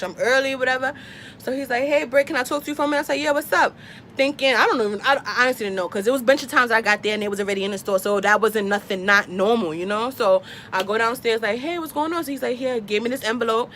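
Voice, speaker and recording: Animated young woman telling a storytime. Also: slight background noise. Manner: animated, acts out quotes with big pitch jumps. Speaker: vlogger. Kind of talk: casual storytime.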